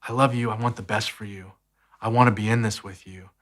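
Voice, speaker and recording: A man's voice: on the low side, fairly even intonation, brisk, a bit bright. A man in his thirties hosting a podcast, giving an earnest, reflective teaching talk that tells stories and repeats key phrases.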